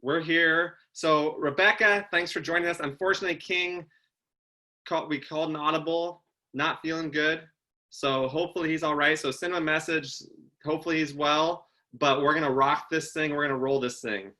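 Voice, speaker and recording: Male live-stream co-host, very bright tone, slightly high voice, playful and repetitive. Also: fairly even intonation, moderate pace. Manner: playful, sing-song repetition. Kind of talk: casual live-stream chat.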